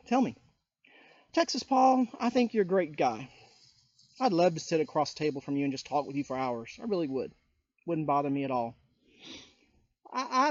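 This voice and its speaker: A man's voice: high-pitched, darkish tone, no echo, highs cut off. A man ranting on his vlog, indignant, calling people out by name and firing rhetorical questions at them. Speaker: YouTuber. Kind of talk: political rant vlog.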